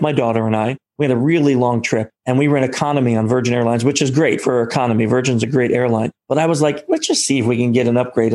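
Animated male storyteller acting out dialogue. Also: mid-range voice. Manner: animated storyteller who acts out quoted dialogue. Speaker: guest author. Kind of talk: storytelling in a podcast interview.

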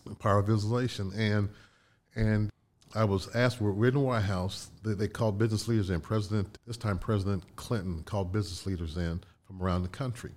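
Older man telling animated stories. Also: lowish voice, a little fast. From Indiana, USA. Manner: animated anecdotes with frequent restarts and laughs. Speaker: interview guest. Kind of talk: storytelling in casual interview.

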